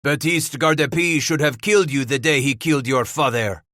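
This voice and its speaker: A man voicing a hotheaded young fort laborer who shouts taunts. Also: medium pitch, normal speed, no echo, studio quality, voice pushed up, natural voice. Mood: taunting.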